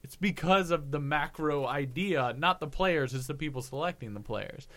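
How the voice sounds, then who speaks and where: A man's voice: on the high side, normal speed, fairly bright tone. A man on a sports podcast, joining the casual chat with joking asides.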